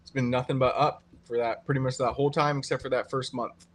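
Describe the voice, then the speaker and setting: A man co-hosting a live stream, explaining in a relaxed way with many fillers. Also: mid-range voice, quick pace. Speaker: co-host and trader. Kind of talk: casual live-stream chat.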